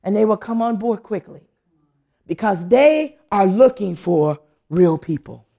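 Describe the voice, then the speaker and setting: A woman's voice: medium pitch, animated, measured pace, creaky, dark tone, muffled recording. A woman pastor preaching a sermon, telling a testimony and acting out the voices of people she quotes. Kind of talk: sermon with storytelling.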